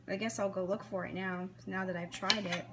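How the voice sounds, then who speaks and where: A woman with a medium-pitched, steady voice talks briskly to the camera while cooking at home, chatty and thinking aloud as she chops vegetables and follows a recipe. It's casual cooking vlog narration from a home cook in her kitchen, with heavy background noise of clattering knives, dishes and pans.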